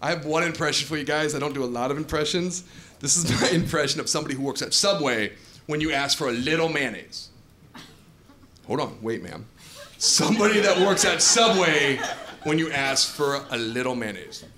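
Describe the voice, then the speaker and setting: A male stand-up comedian who tells his jokes in an animated way and acts out customers and counter workers, on a comedy club stage. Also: fairly high pitch, a little fast. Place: comedy club stage before a laughing crowd. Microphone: handheld stage mic. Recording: live club audience laughter.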